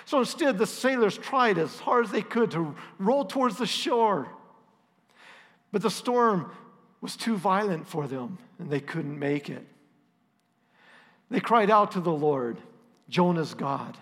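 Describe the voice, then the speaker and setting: A man's voice: high voice, lively intonation, measured pace, pauses often, fairly bright tone. A middle-aged man telling a story as a pastor in a casual, self-deprecating, conversational way. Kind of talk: storytelling sermon. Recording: long reverb.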